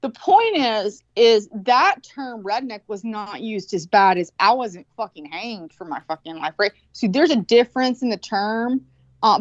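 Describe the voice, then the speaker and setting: A woman's voice: fairly high pitch, no room sound. A woman with a Southern US accent, telling a rambling story in casual chat in a blunt, profane way. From American South. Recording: dull, lo-fi sound.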